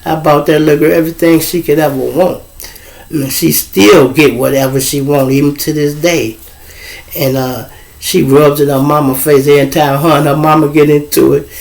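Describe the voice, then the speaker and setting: A middle-aged man spins family stories in a casual monologue. His voice sits a little high for a man, and his delivery is profane and lively. He slips into the voices of the people he quotes. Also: moderate pace, creaky, poor audio. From Chicago. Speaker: host.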